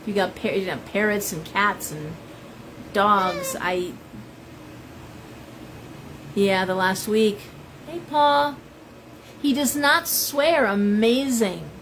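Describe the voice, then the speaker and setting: A woman's voice: medium pitch, slow pace, long pauses, fairly bright tone, slight background noise, rough recording. A middle-aged woman, a shop owner, chatting casually on a live stream and greeting viewers by name. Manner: chatty, rambling, reads out viewer names.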